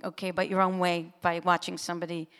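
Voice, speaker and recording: A woman, a musician, talking openly in an interview, expressive and quick to laugh. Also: on the low side, clear, resonant tone. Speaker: musician guest. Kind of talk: interview conversation. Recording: long hall reverb.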